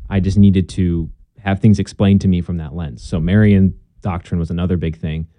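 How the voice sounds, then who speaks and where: A young man with a very dark, mellow voice talks casually and earnestly about his own story, now and then acting out old conversations. The sound is dry and close, with no room echo. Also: deep voice, steady tone, normal speed. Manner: earnest, storytelling, acts out past dialogue. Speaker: guest, Catholic convert.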